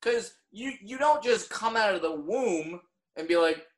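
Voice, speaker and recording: A man's voice: sits high, lively intonation, unhurried. A man from Orange County, California, hosting a comedy podcast, rambling with many restarts and riffing on jokes. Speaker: podcast host. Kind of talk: casual comedy podcast banter.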